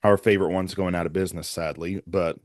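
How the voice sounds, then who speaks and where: A middle-aged pastor with a lowish voice tells his story in an interview, earnest and rambling, slipping into the lines of the people he met. The sound is dry and close, with no room around him. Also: fairly even intonation, quick pace, darkish tone, no echo. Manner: earnest, rambling anecdotes with quoted dialogue. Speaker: pastor and evangelist.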